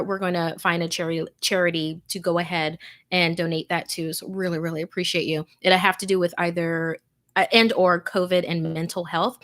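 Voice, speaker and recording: A woman hosting a livestream, reading a scary story in a hushed, tense voice that drops into whispers, then chatting casually and laughing with viewers. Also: on the low side. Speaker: livestream host and story narrator.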